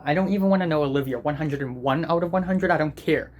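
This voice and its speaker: A man's voice: a little high, fast talker, darkish tone, dull audio. A teenage boy vlogging as a student, venting in an angry, profane and self-deprecating way. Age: teens. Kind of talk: ranting vlog.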